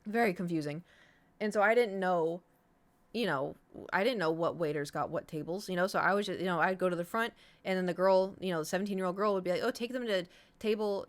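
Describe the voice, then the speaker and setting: Rambling, swearing woman streamer, lowish voice. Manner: rambling, storytelling, swears freely. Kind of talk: casual chat. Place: home room.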